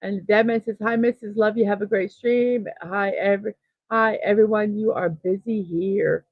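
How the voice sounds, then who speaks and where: A middle-aged woman hosting a casual morning livestream, thinking aloud and reading out chat messages with soft laughs. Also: medium pitch, steady tone, moderate pace, no echo, muffled recording. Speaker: host of a daily morning livestream.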